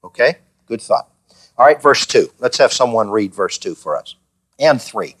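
A man's voice: mid-range voice, animated, moderate pace. Man teaching a Bible class. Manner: asks the class questions, acts out quoted lines.

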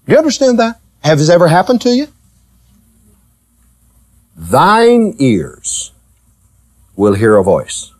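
A man preaching a sermon, teasing and questioning his listeners, with slow, emphatic delivery that rises and falls. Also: on the high side. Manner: animated, teasing, asks the congregation questions.

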